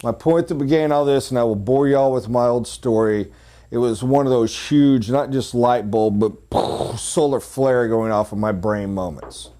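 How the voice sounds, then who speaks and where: A man's voice: mid-range voice, dark tone. Blunt, joking male sales trainer. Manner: blunt, joking, pointed emphasis; talks straight to the audience with quick asides.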